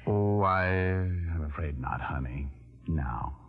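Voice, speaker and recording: A man's voice: sits low, expressive, slow pace, slightly rough, faint music behind, heavily acted. A man playing a cocky, wisecracking private detective in an old radio drama, with a teasing manner. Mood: accusing. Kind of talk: 1940s radio drama acting. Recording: muffled old radio broadcast.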